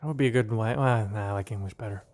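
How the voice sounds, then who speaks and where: A man's voice: lowish voice, racing, darkish tone. A man co-hosting a casual podcast about beer and music, joking and laughing often. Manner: jokey, laughs often, puts on silly voices. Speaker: podcast co-host. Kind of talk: casual chat.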